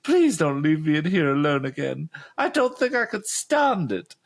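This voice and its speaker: A man on a comedy podcast voicing a frightened, whiny teenage girl in a breathy falsetto, pleading melodramatically. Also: sing-song, normal speed. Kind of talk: comic book-reading podcast.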